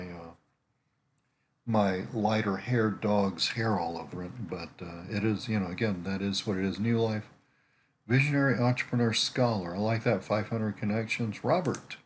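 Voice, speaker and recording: A man's voice: fairly low pitch, steady tone, normal speed, slight background noise. A man in casual screen-share commentary, thinking aloud as he browses profiles, rambling with restarts and asides, talking from home. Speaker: network marketer prospecting on a social site. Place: at home in winter.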